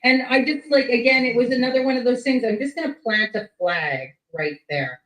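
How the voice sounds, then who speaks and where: A woman guest telling a story in casual chat, lively and full of quoted speech and swearing. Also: a little high, moderate pace. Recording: echoey room.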